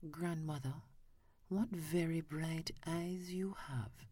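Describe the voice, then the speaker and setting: A woman's voice: low-pitched, slow, darkish tone, breathy edge, no room sound, pitched above the performer's own voice, full character voice. A woman voicing a sweet, timid little girl in a whispered role-play, lifting her voice into a girlish whisper. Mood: wondering.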